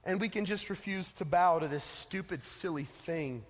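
A man's voice: high voice, normal speed. A man preaching a casual, emphatic sermon to teenagers as a youth pastor, telling a story, in an echoey hall.

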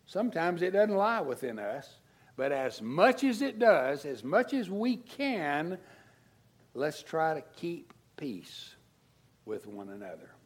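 Husky-voiced preaching pastor, soft drops. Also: male voice, very animated, slow pace. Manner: dynamic preaching, rising to emphasis then dropping low and soft. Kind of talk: sermon.

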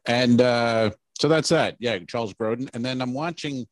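A man's voice: medium pitch, normal speed, no room sound. A man co-hosting a casual comedy podcast, telling rambling, profane stories. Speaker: podcast co-host.

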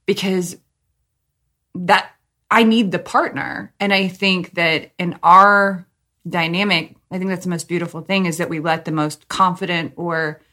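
A woman's voice: on the low side, bright, forceful tone. A woman hosting a podcast, talking openly and emotionally with her partner in casual chat. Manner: open, emotional, talks in quick bursts. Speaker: podcast host.

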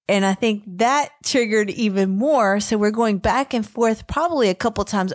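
A woman co-hosting a Christian marriage podcast, telling a story in a casual, animated way and acting out quoted lines. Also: mid-range voice, normal speed, few pauses, no room sound, studio quality. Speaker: podcast co-host.

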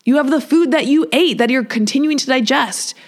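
Woman coach chatting about habits, kinda high voice, upbeat and encouraging. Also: brisk. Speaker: fitness and nutrition coach. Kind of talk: solo podcast talk.

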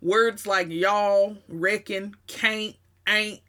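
A woman's voice: mid-range voice, fairly even intonation, drawn-out words, a bit bright. A woman with a Southern US accent telling a personal story in a conversational way, with emphatic asides. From Southern United States.

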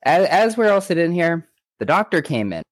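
A man co-hosts a casual podcast, recapping episodes with lots of energy. His pitch swings widely as he talks. The sound is dry and close to the mic. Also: moderate pace, no room sound. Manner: animated, often drops into character quotes. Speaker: podcast co-host.

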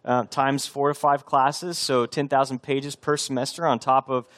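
A man's voice: mid-range voice, little pitch movement, normal speed. A man from Texas preaching a sermon in an earnest, conversational way, with restarts and direct challenges to the congregation. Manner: earnest, conversational preaching with bursts of coach-like shouting. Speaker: pastor.

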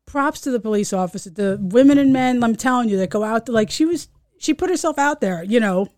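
A middle-aged New woman spins a story on a podcast, animated and salty, acting out every voice along the way. Her voice sits a little high. The recording is dry and close. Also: fairly quick, dry recording. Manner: animated, swearing, acts out voices. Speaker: podcast co-host. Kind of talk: casual storytelling chat.

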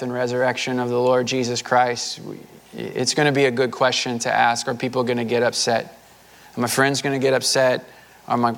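Man preaching a relaxed folksy sermon. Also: mid-range voice. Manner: conversational, folksy preaching with filler words. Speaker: pastor.

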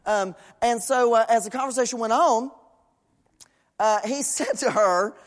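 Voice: mid-range voice, unhurried. A pastor preaching a sermon to a congregation, emphatic and repeating phrases for stress. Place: large church sanctuary. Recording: long reverb of a church hall.

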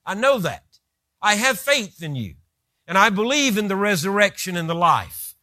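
A man's voice: sits high, sing-song, normal speed, pushed and bright, dry recording, studio quality. A man preaching a sermon who retells scripture with vivid, rising emphasis.

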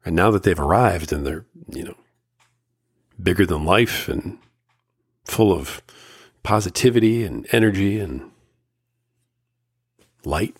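A middle-aged man hosting a solo podcast, talking earnestly and emotionally in slow, measured phrases, firm and lecturing at times. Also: sits low, lively intonation, breathy edge, no room sound, clean studio sound. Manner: firm and lecturing about fatherhood. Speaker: podcast host.

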